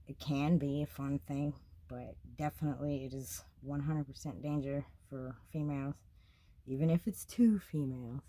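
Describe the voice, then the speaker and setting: Young woman, low husky voice, swears constantly, blunt casual vlog storytelling. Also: no room sound. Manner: profane, blunt, animated when reliving events. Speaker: traveler telling a story.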